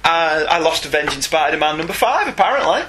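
A man's voice: on the high side, very animated, a little fast, crowd noise. A man with a Northern English accent co-hosting a podcast, reading listener emails aloud and teasing his co-host with frequent laughter. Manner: teasing and jokey, laughs often.

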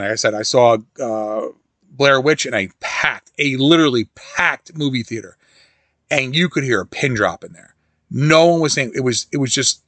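A man's voice: mid-range voice, a bit bright, no room sound. Rambling middle-aged man, dry close sound. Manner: rambling storyteller, many restarts and asides. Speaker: host reviewing a horror film. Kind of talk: casual monologue.

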